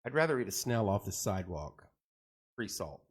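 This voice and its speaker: A man's voice: on the low side, normal speed, breathy edge. A middle-aged man hosting a casual live chat, joking and rambling as he tells stories and greets viewers. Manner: joking, rambling, animated storytelling. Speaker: host of a live chat show.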